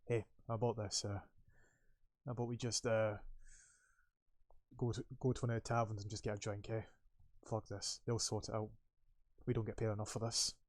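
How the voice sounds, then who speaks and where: A man's voice: lowish voice, flat delivery, normal speed, long pauses, dry recording, natural voice. A man voicing a weary working man who grumbles about being underpaid in a tabletop game. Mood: fed up. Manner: grumbling, dismissive.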